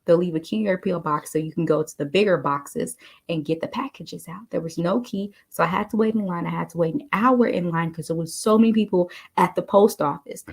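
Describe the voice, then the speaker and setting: A woman telling a story to encourage listeners, animated and chatty, often calling them "you all.". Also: fairly low pitch, a little fast, vocal fry, husky. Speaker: motivational speaker. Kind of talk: casual motivational storytelling.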